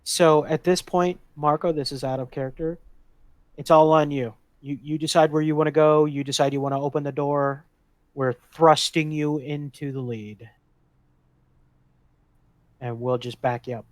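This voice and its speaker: A man's voice: on the high side, fairly even intonation, moderate pace, no room sound. A man playing a tabletop game, talking in an encouraging, casual way. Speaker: player.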